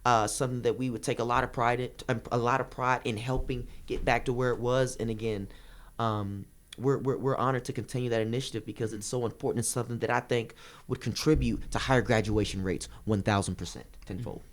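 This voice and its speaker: A young man running for student government, answering a debate question in an impassioned, fast-rushing way, repeating phrases for emphasis. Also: mid-range voice, fairly even intonation. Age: young adult. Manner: rapid, rushing delivery.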